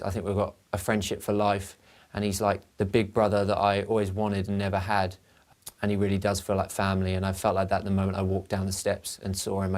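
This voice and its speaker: A young man in a reality-show diary room, speaking earnestly and warmly about fellow housemates. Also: lowish voice. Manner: earnest and heartfelt.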